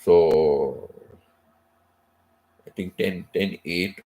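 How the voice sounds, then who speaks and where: Speaking extremely slowly in a low, mellow voice, a middle-aged man chats casually on his live stream. Still recovering from feeling sick, he wanders from point to point, says things more than once, and adds plenty of asides.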